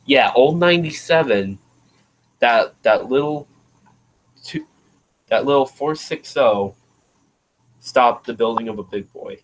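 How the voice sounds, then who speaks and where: A man's voice: mid-range voice, expressive, slow, long pauses, a little hiss or hum, low-quality recording. A man hosting a casual livestream chat, rambling and trailing off as he searches for words. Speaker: livestream host.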